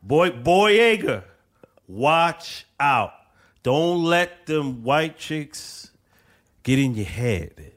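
A man's voice: mid-range voice, expressive, very slow, a bit bright. A man with a New York accent co-hosting a podcast, talking bluntly in slang with lots of profanity. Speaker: podcast co-host. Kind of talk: casual podcast chat.

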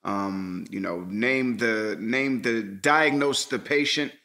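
A man's voice: fairly low pitch, takes it slowly, pushed and bright. A man co-hosting a podcast, cracking jokes and teasing asides in casual chat. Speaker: podcast co-host.

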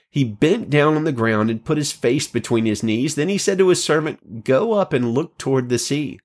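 A man reading a scripture passage aloud, dramatic and expressive, giving the quoted speakers their own voices and correcting small slips as he goes. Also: mid-range voice. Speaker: scripture reader.

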